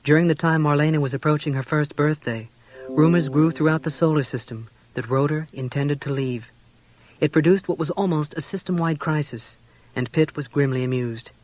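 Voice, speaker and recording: A man reading a novel aloud in a steady, measured way. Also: on the high side. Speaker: audiobook reader.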